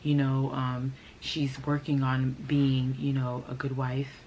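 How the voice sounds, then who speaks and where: A woman imitating a smooth-talking, condescending man, a controlling fiancé who pads every sentence with fillers. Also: extremely low pitch, monotone, a little mellow, a little hiss or hum. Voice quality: slow, smooth, filler-heavy "you know". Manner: patronizing, works the room.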